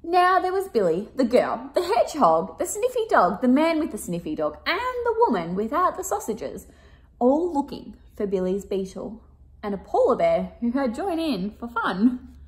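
Expressive woman reading a picture book aloud. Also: on the high side, measured pace. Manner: expressive, with asides to young listeners. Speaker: storyteller reading to children.

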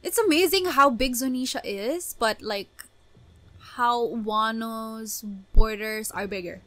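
A woman hosting an anime reaction video, talking casually and gushing with excited exclamations. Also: fairly high pitch, takes it slowly, no room sound.

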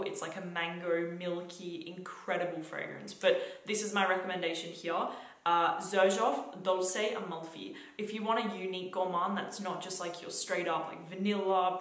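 A young Australian woman gushes about the scents she loves, piling up fillers and repeating words for emphasis. Her voice sits on the low side for a woman. The room around her rings with plenty of echo. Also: fairly bright tone. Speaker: fragrance reviewer. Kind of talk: enthusiastic product review vlog. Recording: echoey room.

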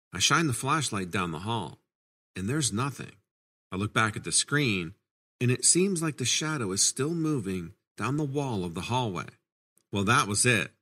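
A man's voice: mid-range voice, bright, forceful tone. A man narrating first-person horror stories in a casual, conversational storytelling manner.

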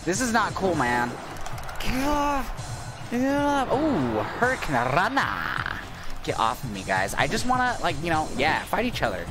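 A man giving excitable, cursing commentary while playing a video game, his voice going hoarse. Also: a little high, unhurried. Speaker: gaming channel host. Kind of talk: casual gameplay commentary. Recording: game music loud behind voice. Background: video game music.

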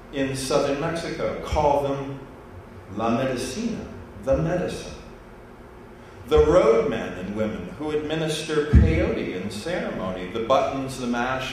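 Animated man telling a story in a hall. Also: mid-range voice. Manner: animated, laughs through the telling. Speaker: speaker. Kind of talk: storytelling monologue to a live audience. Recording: echoey hall, distant mic, noisy.

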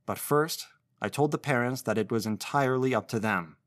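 A man narrating a literary short story in a measured, intense first-person reading. His voice sits at a middle pitch, recorded close and dry with no room sound. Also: a bit bright, no echo.

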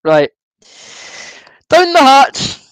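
A Scottish man hosts a live football watchalong stream, cheering and laughing as he chats to viewers. His voice sits high for a man and he talks at an unhurried pace. It comes through a desk microphone in a dry, close sound with no room echo. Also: big pitch swings. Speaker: livestream host.

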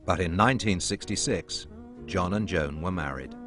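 A man narrating a documentary in a measured, even scripted read. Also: deep voice, faint music behind.

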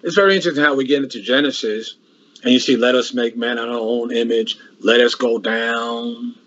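A man teaches from scripture in a sermon, circling back on his points with frequent restarts. His voice is slightly husky and sits at a middle pitch. The recording sounds muffled and lo-fi. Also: fairly even intonation, fairly quick, fairly bright tone. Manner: repetitive, restarts often, rhetorical questions. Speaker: preacher. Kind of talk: Bible class sermon.

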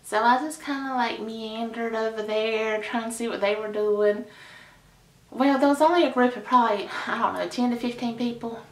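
A woman's voice: on the high side, moderate pace. A woman telling a story in a chatty, gushing way. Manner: chatty and gushing, with sighs and laughs. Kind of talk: casual storytime. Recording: echoey room.

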